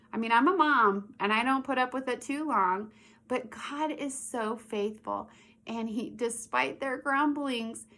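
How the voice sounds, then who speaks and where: Young mom teaching a kids bible lesson, chatty and animated, keeps asking the kids stuff. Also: female voice, on the high side. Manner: animated storytelling, asks children questions.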